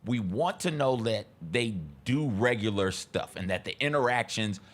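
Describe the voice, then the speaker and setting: A man co-hosting a talk show, speaking thoughtfully and measured in casual chat. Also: medium pitch, animated. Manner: thoughtful, measured, repeats words. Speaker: co-host.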